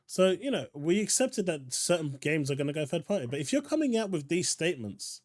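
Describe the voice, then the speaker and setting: A man's voice: on the high side, very animated, brisk, few pauses, darkish tone. A man hosting a casual gaming stream, blunt and stammering a little when frustrated. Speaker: stream host. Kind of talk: casual chat.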